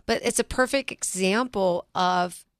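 A woman's voice: medium pitch, measured pace, clean tone, dry recording, clean studio sound. A middle-aged woman, a financial planner hosting a radio talk show, telling stories earnestly and restarting her sentences.

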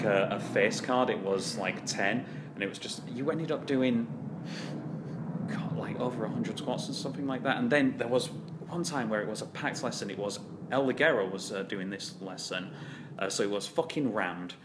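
A man's voice: lowish voice, background noise. A man hosting a podcast, chatting in a rambling way, swearing a lot and laughing often. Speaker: podcast host. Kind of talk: casual chat.

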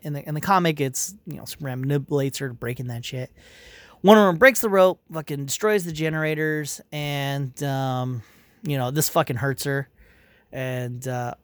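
A man's voice: a little high, moderate pace, dry recording. A man ranting casually and irritably, rambling with lots of filler words, swearing and restarted sentences. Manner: irritated, dismissive. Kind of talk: casual spoken review rant.

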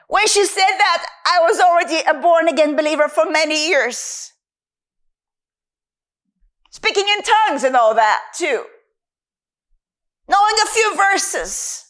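A woman delivers a sermon in a high, bright-toned voice. She speaks slowly and with emphasis, drawing words out between lines of scripture. Her pitch swings widely as she preaches. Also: lively intonation. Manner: slow, emphatic, scripture-quoting.

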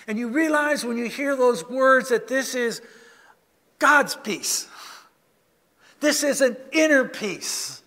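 A man preaching a sermon, leading a slow guided meditation with soft, hushed passages. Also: extremely high pitch, lively intonation. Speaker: pastor. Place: church sanctuary. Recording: long reverb of a church hall.

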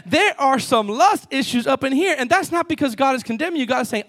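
A middle-aged man, a pastor, preaching a sermon in an animated way, swinging from loud peaks to low asides. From Cuban background.

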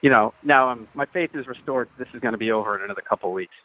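A man's voice: mid-range voice, very fast, muffled recording. A man chatting as a guest on a sports radio show, wry and joking, slipping into little quoted voices. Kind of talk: casual sports radio banter.

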